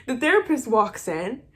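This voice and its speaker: A woman casually retelling a film plot with animated, exasperated asides. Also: a little high. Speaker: movie recap vlogger. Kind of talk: casual movie recap.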